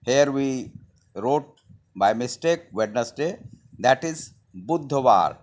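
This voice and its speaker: A man teaching a lesson at a very slow, careful pace, repeating each word again and again. He spells out the words letter by letter. His voice sits at an ordinary middle pitch. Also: animated, a little mellow. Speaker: Hindi teacher.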